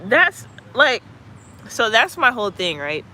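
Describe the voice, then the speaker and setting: A man's voice: extremely high pitch, big pitch swings, a little slow, sharp tone, a little hiss or hum. A man hosting his own channel, talking in a loose, musing way with lots of "like" fillers. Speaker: channel host. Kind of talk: casual reflective chat.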